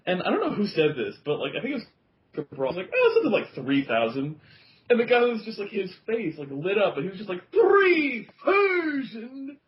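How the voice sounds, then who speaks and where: A man co-hosting a podcast, telling anecdotes in a casual, lively way and acting out the people he quotes. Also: high-pitched, quick pace. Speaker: podcast co-host. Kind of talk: casual chat. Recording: dull lo-fi sound.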